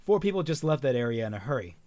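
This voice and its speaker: A man voicing a quiet, reserved blind young man who speaks tersely. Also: medium pitch, very animated, quick pace, dry recording, close to an everyday voice. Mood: calm.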